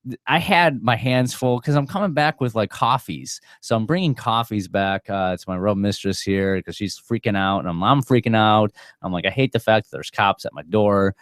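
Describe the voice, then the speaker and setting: A man's voice: lowish voice, smooth, no room sound, clean studio sound. A man hosting a podcast in casual chat, rambling and profane with lots of fillers. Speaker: podcast host. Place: small podcast studio.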